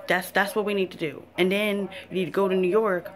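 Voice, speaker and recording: Female fan vlogger, angry profane football rant, mid-pitched voice. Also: fairly even intonation, brisk. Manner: fired-up, cursing, blunt.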